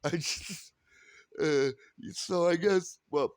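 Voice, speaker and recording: A man's voice: fairly high pitch, slow, no echo. A man in his thirties telling a funny story in a casual vlog, quoting people and laughing often. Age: 30s. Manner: rambling with restarts and "like". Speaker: vlogger.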